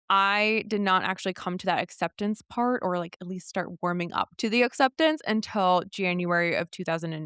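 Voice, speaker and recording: A young woman talks through a personal story in a relaxed podcast chat. She keeps the telling candid and lively and slips into the voices of the people she quotes. The sound is close and dry. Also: medium pitch, smooth, no echo. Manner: candid, animated retelling with quoted dialogue. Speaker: podcast guest. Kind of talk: casual storytelling conversation.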